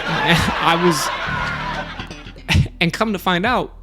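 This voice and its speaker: A man's voice: fairly high pitch, sing-song, unhurried, long pauses, bright, forceful tone, soft background music. Chatty man hosting a live stream. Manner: chatty, swears casually, restarts often. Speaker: streamer and show host. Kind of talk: casual live-stream review.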